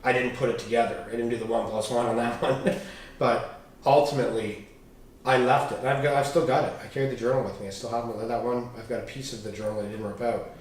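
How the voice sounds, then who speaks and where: A man's voice: medium pitch, fast talker, a little hiss or hum. A man as a podcast guest, telling candid personal stories with swearing and acted-out dialogue. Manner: animated, swearing, acts out quoted dialogue. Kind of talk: candid storytelling interview. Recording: echoey room, distant mic.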